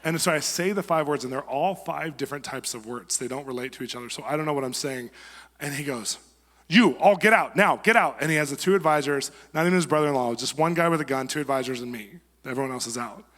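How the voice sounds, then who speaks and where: A man's voice: mid-range voice, fast talker. A man preaching a sermon, telling a story and acting out the people in it. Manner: animated storyteller acting out quoted voices. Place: church hall. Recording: long church hall reverb.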